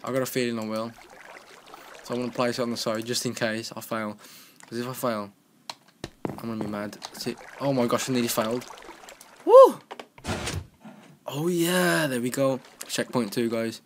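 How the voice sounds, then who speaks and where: A young man giving joking, excitable commentary while playing a game, with keyboard clicks in the background. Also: medium pitch, brisk, a little hiss or hum. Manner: excitable, joking self-talk. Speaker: gaming commentator. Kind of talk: casual gameplay commentary. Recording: home recording with keyboard clicking.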